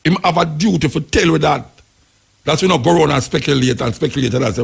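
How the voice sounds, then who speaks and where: A man's voice: medium pitch, animated, fast talker, vocal fry, husky. A Jamaican man hosting a talk radio show, delivering rambling, emphatic commentary in patois.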